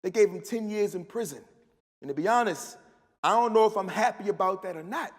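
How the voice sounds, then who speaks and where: High-voiced man reading fiction aloud. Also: fairly quick. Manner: rhythmic, storytelling delivery. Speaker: author reading his own work. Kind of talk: live reading of first-person fiction. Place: large festival hall. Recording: long hall reverb.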